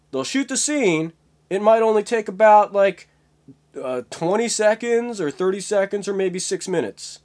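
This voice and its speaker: A man's voice: high-pitched, a little mellow. A young man vlogging in a casual, rambling monologue, full of fillers and swearing. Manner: rambling, many fillers, profane.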